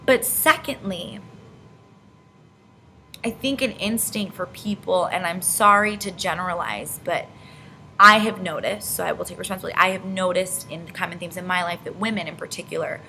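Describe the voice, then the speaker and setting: A woman's voice: fairly low pitch, normal speed, vocal fry, sharp tone, soft background music, rough recording. A young woman in her twenties talking to camera in a casual advice vlog, earnest and reflective. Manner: earnest, reflective, speaks of handling conflict with poise. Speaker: vlogger.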